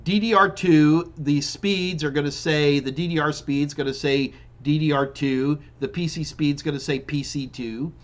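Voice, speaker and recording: Casting: male tech trainer hosting a live stream Q&A, chatty, with a slightly high voice, rambling and restarting. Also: steady tone, moderate pace, hardly any pauses. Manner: loose and chatty, with frequent restarts and fillers. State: yawning repeatedly. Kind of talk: casual live-stream Q&A, reading viewer questions.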